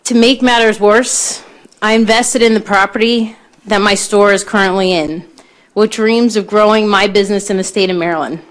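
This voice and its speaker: A woman's voice: mid-range voice, steady tone, normal speed. Earnest woman testifying at a hearing. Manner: earnest, pleading, grows tearful. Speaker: cigar shop owner testifying.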